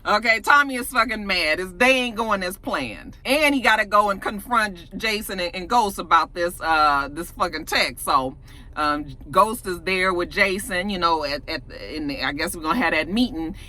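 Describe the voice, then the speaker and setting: A woman casually recapping a TV episode in an animated, profane way, often acting out the characters' lines. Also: lowish voice, moderate pace. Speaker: TV episode reviewer.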